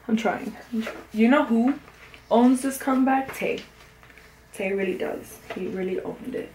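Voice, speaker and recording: A woman's voice: mid-range voice, takes it slowly, pauses often. A young woman with a cold, sniffling, chatting casually and gushing with sudden squeals while unboxing an album. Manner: excitable, gushing, often confused, with sudden squeals and gasps. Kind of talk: casual unboxing chat to camera. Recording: echoey room, faint background noise.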